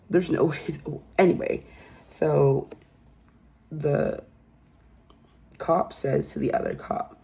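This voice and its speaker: A man's voice: fairly high pitch, creaky, a little mellow, slightly rough. A man casually recapping a true crime case in a rambling, incredulous way, full of fillers.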